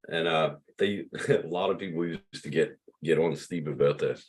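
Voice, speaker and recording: A man's voice: low voice, lively intonation, normal speed, few pauses, darkish tone, slightly rough. A man in his fifties from Pennsylvania, hosting a loose livestream chat, rambling and swearing freely. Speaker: livestream host.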